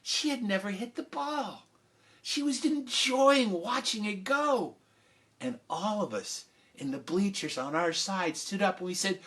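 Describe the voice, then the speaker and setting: High, bright-voiced male storyteller. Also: a little slow. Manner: animated, swings between loud cheering and hushed asides. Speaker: children's storyteller. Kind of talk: live storytelling.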